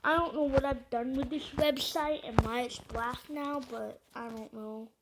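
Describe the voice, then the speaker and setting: A woman's voice: fairly high pitch, fairly even intonation, measured pace, noisy background. A woman chatting casually over an election map, rambling and hesitant with lots of fillers and joking asides. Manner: joking, self-deprecating asides. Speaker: video creator.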